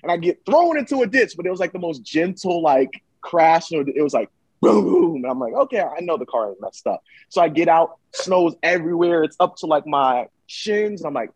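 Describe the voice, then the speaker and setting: A man telling a story in casual chat, dramatic and animated, acting out what people said. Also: on the high side, quick pace, husky, no echo, rough recording. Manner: animated, dramatic retelling with acted-out quotes. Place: Michigan.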